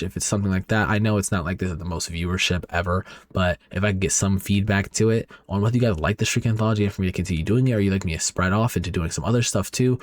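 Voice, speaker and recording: A man with a fairly low voice narrating a horror comic recap. He talks chattily and straight to his viewers, with plenty of fillers. The sound is close and dry. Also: dry recording.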